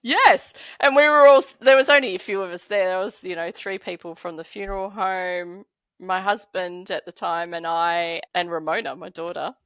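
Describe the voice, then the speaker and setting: A woman's voice: on the low side, steady tone, normal speed, fairly bright tone, clear, resonant tone, no echo. A middle-aged woman from Australia telling a story as a podcast guest, laughing often and acting out the voices of the people in it. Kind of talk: animated storytelling.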